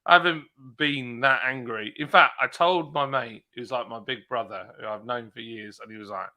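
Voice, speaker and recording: A man hosting a live stream, chatting casually and telling stories in an animated way, acting out his own shouting. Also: medium pitch, moderate pace. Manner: animated storyteller, acts out shouting. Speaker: streamer host. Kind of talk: casual chat.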